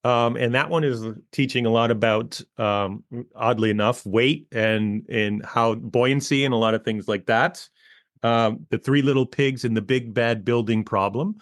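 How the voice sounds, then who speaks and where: A man's voice: medium pitch, measured pace, no echo, clean studio sound. A man in his forties, a comic author being interviewed, talking casually and loosely with many fillers. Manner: relaxed, rambling, with many fillers. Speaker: guest, educational comic author. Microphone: close podcast mic.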